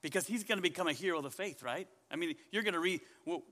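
Bright, high-voiced preacher in a reverberant hall. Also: male voice, quick pace. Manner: animated, questioning the congregation. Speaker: pastor. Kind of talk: sermon.

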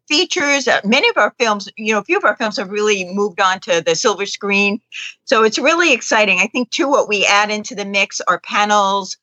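A woman speaking as a guest on a radio talk show, upbeat and eager to promote her event. Her voice is bright and forward. The sound is dry, with little room around it. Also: mid-range voice, no echo, rough recording. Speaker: film festival director, radio guest. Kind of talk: radio interview.

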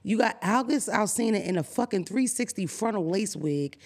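A woman's voice: mid-range voice, lively intonation, normal speed, darkish tone. Brash, profane woman podcast host. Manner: profane, brash comic ranting. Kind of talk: casual podcast chat.

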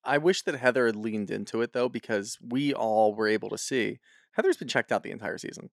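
A man's voice: mid-range voice, a little fast, creaky, dry recording, clean studio sound. A man co-hosting a podcast, bluntly and profanely riffing on reality TV in casual chat. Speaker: podcast co-host.

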